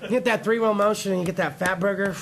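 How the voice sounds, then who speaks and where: A man with a high, gravelly voice tells a rambling, profane comic rant as a talk show host. His delivery is excitable, and his tone is bright and sharp. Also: quick pace. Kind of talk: comedic rant on a live internet talk show.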